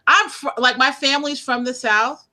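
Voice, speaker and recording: A woman with a New York accent hosts a casual interview over a video call from her book-lined room at home. Her voice is bright and forward, and she talks in a chatty, animated way, full of restarts and fillers. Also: high voice, moderate pace. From United States, Northeast.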